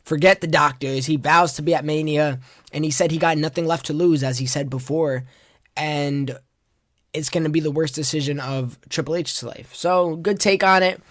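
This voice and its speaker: A man with a slightly high voice recaps wrestling in a loose, rambling way. He sounds exasperated and vents freely, recorded dry and close with no room sound. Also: steady tone, normal speed, fairly bright tone, dry recording. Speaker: podcast host.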